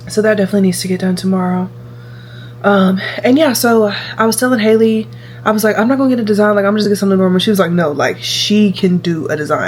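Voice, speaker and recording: A woman's voice: medium pitch, slight background noise. Chatty young woman vlogging. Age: 20s. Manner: chatty, repeats herself, animated. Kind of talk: casual vlog chat.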